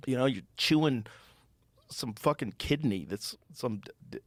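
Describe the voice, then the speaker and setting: A man's voice: medium pitch, normal speed, dry recording. A middle-aged man hosting a podcast, telling stories in casual, profane chat. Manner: profane, animated storytelling. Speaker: podcast host.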